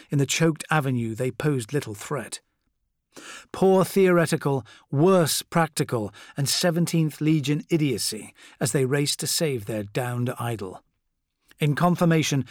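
A man's voice: mid-range voice, no room sound. Man narrating a war story, dry close sound. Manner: measured, dramatic storytelling. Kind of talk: scripted audiobook narration.

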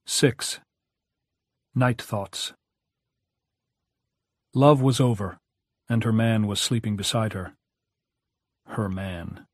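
A man with a low voice reads a novel aloud in a measured, even delivery. The sound is very dry and close, with no room around it. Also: no room sound. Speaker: audiobook narrator. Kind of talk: audiobook narration.

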